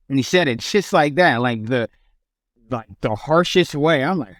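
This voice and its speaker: A man's voice: medium pitch, animated, unhurried, no room sound, studio quality. A young man, a podcast guest, telling his own story in casual speech with frequent restarts and fillers.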